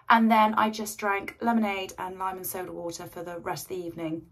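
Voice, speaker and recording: A middle-aged woman with a slightly husky voice from a cold, chatting casually and rambling to camera at home. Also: mid-range voice, fairly even intonation, a little fast. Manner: chatty, rambling, self-deprecating. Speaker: sewing vlogger. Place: at home, indoors.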